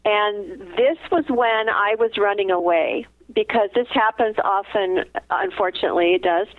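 A woman's voice: medium pitch, moderate pace. A woman guest reading her poems aloud with heartfelt, emotional delivery and chatting about them. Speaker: guest poet. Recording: tinny phone line.

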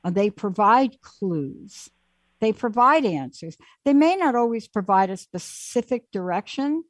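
An animated woman hosts a call-in talk show, chatting freely between guests and callers. Her voice sits in the middle of the range and sounds close and dry, with no room around it. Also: medium pitch, measured pace, dry recording. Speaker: host.

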